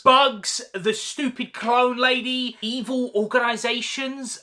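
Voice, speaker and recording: A man ranting about a film, exasperated and mocking, with loud outbursts. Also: very high voice, takes it slowly, hardly any pauses, a little hiss or hum. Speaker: film reviewer.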